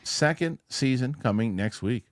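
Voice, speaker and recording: A man co-hosting a casual chat show, reading viewer comments and telling rambling, animated stories. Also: mid-range voice, a little slow, dry recording, clean studio sound.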